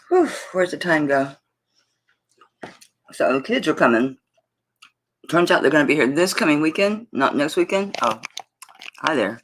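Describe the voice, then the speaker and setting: A winded middle-aged woman talks slowly and chattily on her live stream, a little flustered and rambling. Her voice sits low, and a faint noise hums under the recording. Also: lively intonation. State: out of breath. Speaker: host of live jewelry auction stream. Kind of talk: casual live-stream chat.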